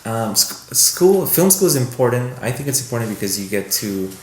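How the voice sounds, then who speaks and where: A man's voice: medium pitch, big pitch swings, a little fast, darkish tone. A man guest on a podcast, a film producer, telling rambling stories in a casual way and acting out the voices he quotes. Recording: echoey room with faint noise.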